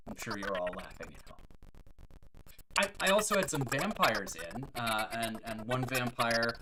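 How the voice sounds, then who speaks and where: A woman with a very deep voice hosts a live stream in a casual, chatty way, cracking corny jokes and poking fun at herself. Her pitch swings up and down a lot as she talks. Steady background noise runs under her voice throughout. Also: moderate pace. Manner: corny joke-telling, self-mocking, chatty.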